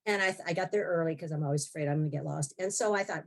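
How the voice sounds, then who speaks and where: This sixties-aged woman talks rapid-fire in a low voice. Appearing as a podcast guest, she shares her personal story with blunt, wry candor and plenty of laughter.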